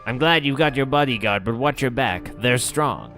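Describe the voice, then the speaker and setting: A man's voice: medium pitch, animated, moderate pace, a bit bright, faint music behind. A man reading aloud the lines of an eager teen girl companion from a video game, slipping into a slight accent. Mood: earnest.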